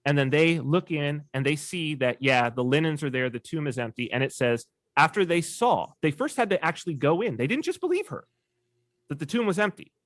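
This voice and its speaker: Brief: man, podcast guest, animated storyteller, swinging lively pitch, dry close sound. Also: a little fast, no room sound. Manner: animated storyteller, acts out quoted voices. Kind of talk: casual conversation.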